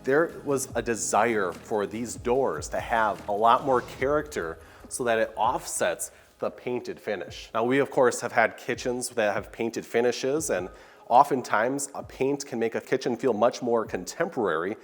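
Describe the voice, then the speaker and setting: A man's voice: mid-range voice, a little slow. An upbeat man giving a walkthrough tour of a large kitchen, enthusiastically pointing out its features. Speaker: home tour guide. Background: soft background music.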